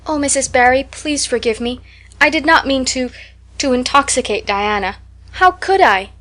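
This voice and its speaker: A woman's voice: high-pitched, moderate pace, sharp tone, voice pushed up. A woman voicing a dramatic, imaginative orphan girl who speaks in flowery, theatrical phrases. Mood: pleading.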